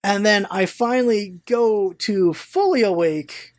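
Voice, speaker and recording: Casual vlog talk, animated storyteller, stammering restarts, mid pitch, dry sound. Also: a little slow, no room sound. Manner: animated storyteller, swears, retells own thoughts aloud; restarts and stammers when excited. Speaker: vlogger. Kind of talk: casual rambling vlog chat.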